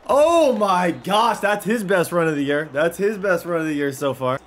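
Shouting whenever a big play happens, a young man narrates his own video game with excitement and plenty of repetition. He speaks a little fast in a fairly high pitch.

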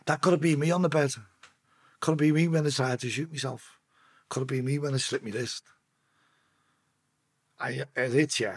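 A man's voice: medium pitch, fairly even intonation, normal speed, pauses often, husky. A man telling an emotional story on a podcast, speaking bluntly and swearing freely. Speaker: podcast guest. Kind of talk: emotional storytelling in casual chat.

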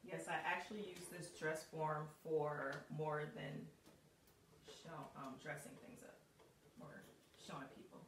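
A woman's voice: sits low, fairly even intonation, unhurried, a bit bright. A woman coaching viewers on putting outfits together in a casual live video, chatty and full of laughs and ums. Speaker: style coach. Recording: roomy, distant, faint hiss.

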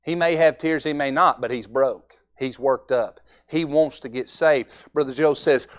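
A man's voice: mid-range voice, normal speed, hardly any pauses. A young man preaching a Sunday evening sermon in a folksy way, acting out altar conversations.

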